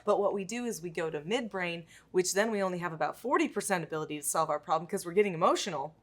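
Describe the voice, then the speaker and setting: A woman's voice: fairly low pitch, quick pace. A woman parenting expert, a guest on a talk show, explaining ideas confidently in casual chat.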